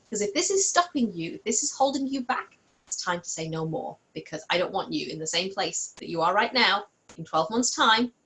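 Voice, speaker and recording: A woman's voice: medium pitch, fairly bright tone, rough recording. A woman business coach and host talking casually to her computer camera, upbeat and encouraging, checking in with "okay?" as she goes. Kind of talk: casual solo talk to camera. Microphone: computer camera and mic at home desk.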